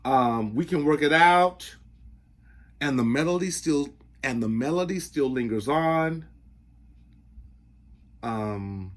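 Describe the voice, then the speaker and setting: An excitable man hosts a casual record show-and-tell, chatting straight to his viewers. His voice leaps around with lively ups and downs, yet he takes his time over every sentence. He is the kind of talker who slips into falsetto when a song grabs him. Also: slow pace, long pauses. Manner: excitable, breaks into falsetto singing; chatty, addresses viewers directly. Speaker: record collector host.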